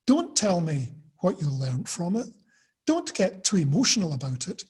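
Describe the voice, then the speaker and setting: Husky man, middle-aged, online teacher, slightly higher voice, storytelling. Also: big pitch swings, normal speed, a little mellow. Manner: storytelling, explaining with examples. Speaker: teacher trainer.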